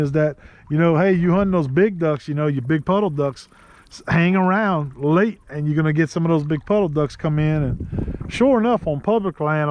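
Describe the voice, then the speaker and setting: Chatty Louisiana man, slightly high voice. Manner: chatty, laughs easily, rambling asides. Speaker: host. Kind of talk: casual outdoor vlog talk. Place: outdoors on a kayak in a marsh.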